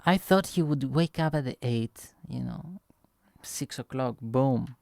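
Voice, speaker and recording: Young man for a casual vlog; loose, chatty storyteller, smooth voice, mid pitch. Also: a little slow, no echo, clean studio sound. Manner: rambling, animated, heavy filler words like "right?" and "boom". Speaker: vlogger.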